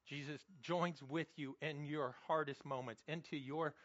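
A man delivers a sermon in an earnest, emphatic way, stumbling over repeated words as he presses his point with questions. His voice sits high for a man. The sound is dry and a little muffled. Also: steady tone, unhurried, a bit bright, no room sound. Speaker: pastor.

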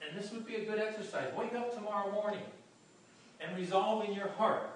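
A man's voice: high-pitched, fairly even intonation, a little fast. A man preaching a sermon earnestly, often repeating words and restarting as he goes. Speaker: pastor. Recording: very echoey room, voice from a distance, faint background noise.

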